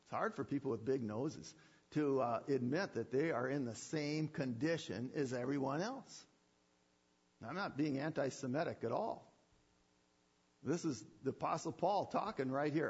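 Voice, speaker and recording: A man's voice: mid-range voice, normal speed, husky. A man preaching a sermon with emphatic repetition and rhetorical questions. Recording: dull lo-fi sermon recording.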